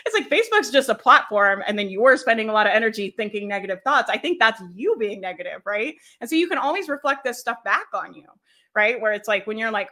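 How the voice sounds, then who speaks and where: A woman's voice: medium pitch, animated, a little fast, pushed and bright. A woman coaching a casual live workshop, chatty, laughing often and checking in with "right?". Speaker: business coach leading a workshop.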